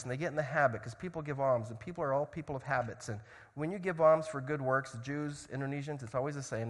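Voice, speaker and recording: A man preaching a sermon, telling a story dramatically and swinging from loud shouts to hushed tones. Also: mid-range voice, long reverb tail.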